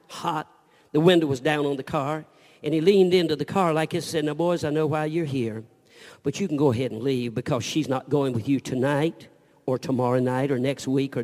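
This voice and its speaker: A man preaches a fiery revival sermon from a church pulpit, his voice pitched fairly high. He swings between loud, pressing preaching and hushed storytelling. The sound rings with the long reverb of a big church hall. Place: church sanctuary.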